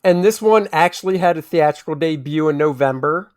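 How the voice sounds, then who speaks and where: Rambling man with a higher voice. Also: a little fast, a little mellow. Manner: rambling, often restarts and gropes for names. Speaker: movie review podcast co-host. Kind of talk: casual conversational movie review.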